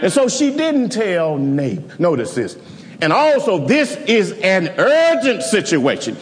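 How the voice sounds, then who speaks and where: Animated high-voiced preacher. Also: male voice, unhurried, long reverb tail. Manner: animated, emphatic, chuckling storytelling. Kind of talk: sermon.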